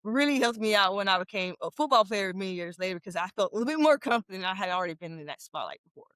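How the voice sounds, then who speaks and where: A young woman from Memphis, a former football captain, telling her story as a lively interview guest who laughs often. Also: medium pitch, fast talker, no echo. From Memphis, USA. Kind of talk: casual interview talk.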